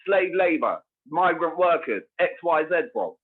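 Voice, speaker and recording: A man's voice: on the high side, big pitch swings, unhurried. A man, co-hosting a casual podcast chat, ranting with heavy swearing and constant "bro" and "bruv". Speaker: podcast co-host. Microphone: remote call. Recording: tinny phone-like call audio.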